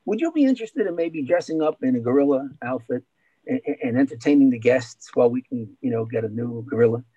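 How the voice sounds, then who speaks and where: A man's voice: mid-range voice, expressive, fast, dark tone, husky, no room sound, pitched below the performer's own voice. A man doing an apologetic zookeeper. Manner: telling a joke with hesitant fillers. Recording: dull, dry sound.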